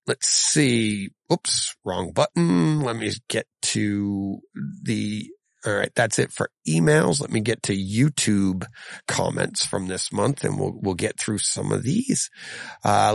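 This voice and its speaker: Low gravelly-voiced man hosting a podcast. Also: no echo. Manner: rambling, self-correcting, chuckles often. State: voice going hoarse. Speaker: podcast host. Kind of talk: casual solo podcast reading listener mail.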